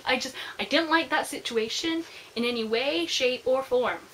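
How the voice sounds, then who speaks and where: Young woman, bookish vlogger; slightly high voice, gushy, "like"-heavy chatter, faint hiss underneath. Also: moderate pace, fairly bright tone, low-quality recording. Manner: chatty, gushing fan, lots of "like". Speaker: book reviewer. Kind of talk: casual spoiler book review.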